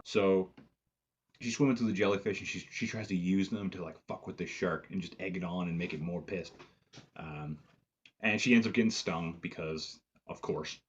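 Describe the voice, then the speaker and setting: Low, husky-voiced man; loose, profane, filler-heavy reviewer recap. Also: fairly even intonation, moderate pace, highs cut off. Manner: profane, rambling, lots of "like" fillers. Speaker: movie reviewer. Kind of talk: casual film review recap.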